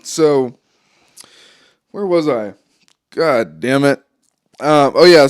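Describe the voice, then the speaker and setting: A man's voice: medium pitch, expressive, takes it slowly, long pauses, clear, resonant tone, no echo, clean studio sound. A young man hosting a podcast, telling a long story in a rambling, casual way, full of swearing and ums. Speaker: podcast host.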